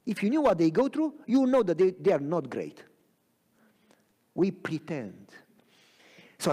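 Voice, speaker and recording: A man preaching with a raised, lively voice that leaps between loud cries and hushed near-whispers. He keeps checking in with the congregation, and his words ring out with a long church-hall reverb. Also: high voice, unhurried, pauses often, slightly rough. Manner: asks the audience if they follow him. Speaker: pastor. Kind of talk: sermon. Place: church sanctuary.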